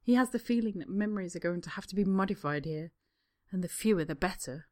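A woman narrating a story in a calm, even reading voice. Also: medium pitch, fast. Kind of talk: storybook reading of fan fiction.

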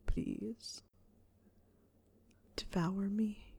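A woman's voice: mid-range voice, brisk, darkish tone, close to an everyday voice. A woman voicing a defensive, vulnerable young male wizard, bitter in his speech. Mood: breathless whisper.

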